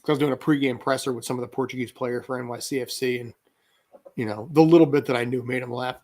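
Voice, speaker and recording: Husky man chatting through a movie. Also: mid-range voice, fast. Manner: relaxed, chuckling asides, frequent throat clearing. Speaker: watch party co-host. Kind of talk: casual commentary over a film.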